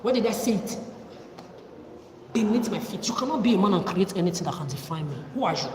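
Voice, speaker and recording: A woman's voice: mid-range voice, animated, fast talker. A woman ranting on a livestream, confrontational and accusing, firing off rhetorical questions. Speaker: livestream host. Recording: echoey room from far off with loud background noise.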